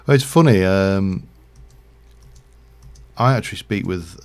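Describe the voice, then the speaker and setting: A man's voice: sits low, takes it slowly, darkish tone, clear, resonant tone. A man from Yorkshire, England with a slight Yorkshire accent, rambling and chatty as he streams a game and corrects himself mid-sentence. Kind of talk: casual livestream gameplay commentary.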